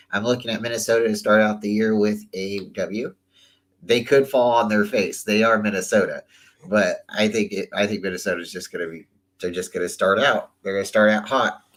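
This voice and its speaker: Man, lowish voice, casual football picks host, rambling and chatty. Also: rough recording. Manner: loose and chatty, repeats words, trails off. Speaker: sports talk host. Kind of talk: casual sports commentary.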